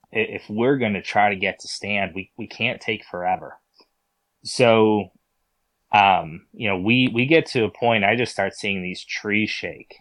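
A man's voice: on the low side, a bit bright, no room sound. A man, a podcast guest, tells a hunting story in an interview, often stumbling and repeating words as he goes.

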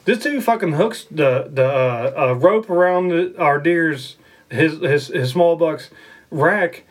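A man's voice: a little high, slow pace. A man telling a story on a podcast in a rambling, profane way, laughing often. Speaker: podcast co-host. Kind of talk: casual storytelling.

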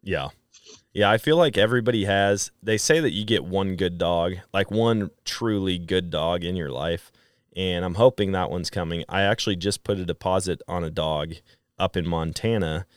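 Deep-voiced man telling a lively story. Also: moderate pace, clean tone, dry recording, clean studio sound. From Wisconsin. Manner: animated storyteller acting out quoted dialogue. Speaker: podcast guest. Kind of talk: casual storytelling chat.

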